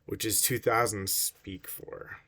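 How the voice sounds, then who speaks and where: Low-ish guy reading a book out loud, keeps stopping for dry jokes. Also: level tone, slow. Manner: wry, digressive, laughs at his own jokes. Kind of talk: reading a book aloud with commentary.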